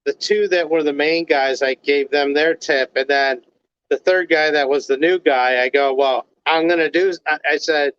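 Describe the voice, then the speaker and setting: A man's voice: on the high side, normal speed, fairly bright tone, smooth, dry recording. A man from the Chicago area calling in over a video call, telling stories animatedly and acting out the dialogue. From United States, Chicago area. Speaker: guest caller. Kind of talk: casual storytelling chat. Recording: dull lo-fi call audio, dry.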